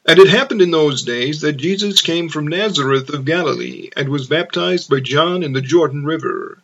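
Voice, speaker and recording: A man reading scripture aloud as narration, slow and measured. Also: a little high, gravelly, fairly bright tone, highs cut off. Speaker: scripture reader.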